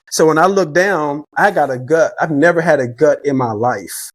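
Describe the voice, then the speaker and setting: Middle-aged male guest with a slightly high voice, recorded dry, tells heartfelt faith-driven stories. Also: normal speed, no echo. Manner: reflective, faith-driven, repeats words when starting sentences. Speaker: podcast guest. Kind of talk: earnest conversational storytelling.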